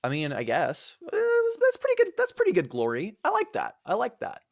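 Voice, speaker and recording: A man's voice: sits high, huge pitch swings, brisk, gravelly, voice pushed up, heavily acted. A man voicing a vain young warrior hero, talking like a whiny modern bro. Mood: casual.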